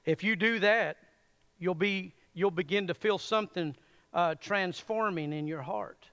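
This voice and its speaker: A man preaching a sermon in a church, folksy and animated, chuckling often as he addresses the congregation. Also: high-pitched, a little slow, smooth. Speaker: pastor.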